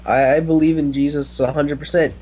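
A man's voice: on the high side, level tone, brisk, darkish tone, a little hiss or hum. A man joining as co-player in casual gameplay chat, laid-back and dry. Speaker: co-player guest.

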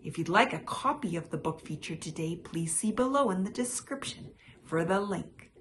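A woman hosting a children's storytime, reading a picture book aloud in a gentle, expressive way. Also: fairly low pitch, normal speed, slight background noise.

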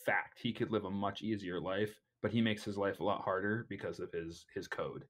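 A young man co-hosting a podcast, chatting casually about a film with halting starts and repeated words. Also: low-pitched, steady tone, fairly bright tone. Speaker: podcast co-host.

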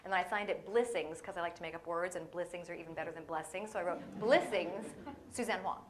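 Slight background noise sits under this woman's voice, which is on the low side and quick-paced. As a guest speaker, she gives a church audience a playful, animated storytelling sermon, voicing the characters and dialogue in her stories.

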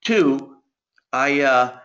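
A man giving a sales coaching lecture, talking very fast so his words sometimes run together. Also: mid-range voice, expressive, sharp tone. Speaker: sales trainer. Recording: dull lo-fi recording.

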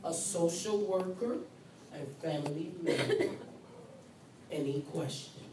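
A woman's voice: fairly low pitch, slow pace, background noise. A woman nursing instructor lecturing a class, speaking emphatically and repeating key points while acting as the patient in the first person. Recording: roomy, far from mic, faint ambience.

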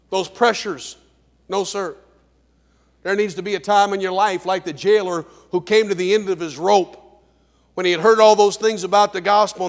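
A man preaching a sermon as pastor, swinging dramatically between shouting and hushed tones. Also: high-pitched, long reverb tail. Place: church sanctuary.

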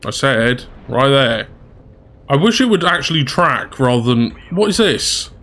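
A man's voice: medium pitch, sing-song, normal speed, bright, forceful tone. A man giving casual, chatty gameplay commentary as a channel host, talking to his viewers and laughing at his own mistakes. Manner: chatty, self-deprecating, talks to viewers.

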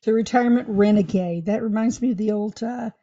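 A woman's voice: mid-range voice, brisk, warm tone. A woman hosting an interview who asks long, rambling, loosely phrased questions. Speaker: show host. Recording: dull lo-fi audio.

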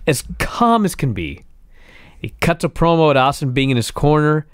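A podcast co-host recaps old wrestling with big swings in pitch, animated and salty with profanity. The voice sits at a middle pitch and is recorded dry and close with no room around it. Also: moderate pace, no echo. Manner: animated storytelling, heavy swearing. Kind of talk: casual wrestling recap chat.

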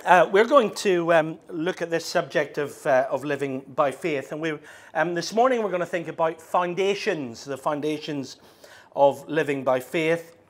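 A middle-aged man with a Northern Irish accent preaching a sermon, speaking slowly and deliberately with frequent ums and restarts. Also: fairly high pitch. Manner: slows down, halting with fillers.

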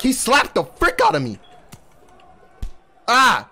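Young male gaming YouTuber, high and animated, hype trash-talk, mutters then yells. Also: unhurried, pauses often. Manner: excitable, trash-talking, swings from mumbling to shouting. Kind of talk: gameplay commentary.

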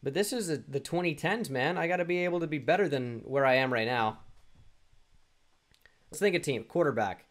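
A young man's slightly high voice comes a little fast, broken by frequent pauses, as he plays a sports quiz. The gaming YouTuber thinks aloud casually, muttering, restarting and mocking himself.

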